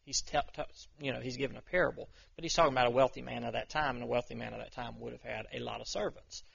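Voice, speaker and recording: A man's voice: mid-range voice, fast talker, creaky, fairly bright tone, husky, highs cut off. A man giving an informal, conversational sermon to a small church group, self-deprecating and full of restarts. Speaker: pastor.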